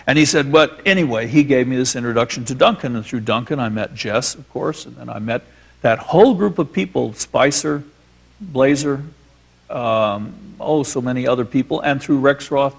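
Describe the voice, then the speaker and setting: A man's voice: medium pitch, normal speed, vocal fry, breathy edge. A man, a filmmaker guest, reminiscing onstage in a rambling, filler-laden storytelling way.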